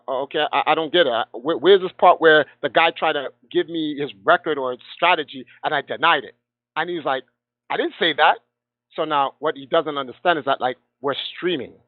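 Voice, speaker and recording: A man's voice: a little high, dry recording. A man guest telling a heated story with passion, acting out the voices of people he quotes. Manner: passionate, acts out quoted dialogue. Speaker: guest gamer. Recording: tinny phone line.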